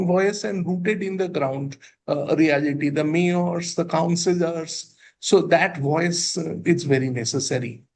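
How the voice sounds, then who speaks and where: A man with an Indian English accent, speaking as a professor on a webinar panel, halting with many fillers and restarts. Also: high voice, creaky.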